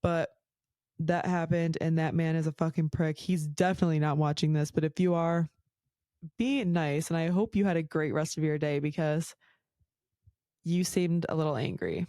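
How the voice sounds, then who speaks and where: A woman's voice: deep voice, moderate pace, warm tone, no room sound. Woman podcast host, casual storytelling, swears a lot, filler-heavy, dry close sound. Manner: chatty, swears a lot, says "like" constantly.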